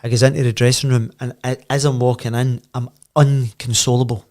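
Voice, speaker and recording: Scottish man telling lively football stories. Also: mid-range voice, a little fast. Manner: animated anecdotes, voice swells when telling the story. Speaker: podcast guest, former footballer. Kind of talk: casual storytelling chat.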